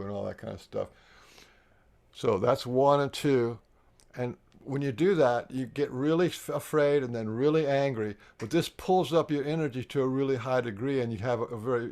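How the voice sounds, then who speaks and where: A man leading a live online healing workshop, explaining the steps earnestly and pausing often to restart and repeat his words. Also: medium pitch, gravelly, darkish tone. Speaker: workshop facilitator.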